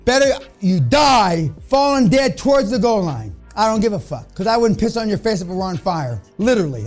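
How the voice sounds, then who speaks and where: A man's voice: high voice, sing-song, normal speed, few pauses, soft background music. A man lecturing a business seminar room in a blunt, crude, rambling way.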